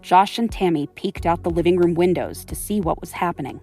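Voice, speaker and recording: A woman's voice: on the low side, fairly quick, mellow, faint music behind. A woman host giving scripted, suspenseful narration of a true story.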